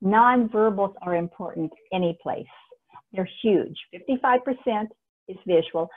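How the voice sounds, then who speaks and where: An energetic woman coaches her audience with emphatic, pointed delivery. Her voice sits at a middling pitch and comes through a narrow, tinny laptop-call line. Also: measured pace. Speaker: communication speaker. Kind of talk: webinar talk. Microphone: laptop camera mic. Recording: tinny phone-like webinar audio.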